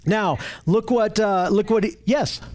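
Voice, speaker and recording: High-voiced man teaching a Bible study. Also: a little slow, darkish tone. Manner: earnest and explanatory, often asks the group questions.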